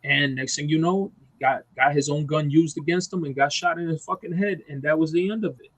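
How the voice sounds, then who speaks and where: A man's voice: on the high side, fairly even intonation, a little fast, fairly bright tone, no room sound, rough recording. A man talking on a casual podcast, ranting emphatically with lots of profanity. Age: adult parent. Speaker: podcast co-host. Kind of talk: heated casual chat.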